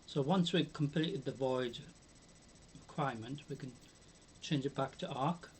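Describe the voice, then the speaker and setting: A man's voice: mid-range voice, unhurried, a little hiss or hum. Hesitant British man streaming a game. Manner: musing, hesitant, lots of hums and ums. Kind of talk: casual live game commentary.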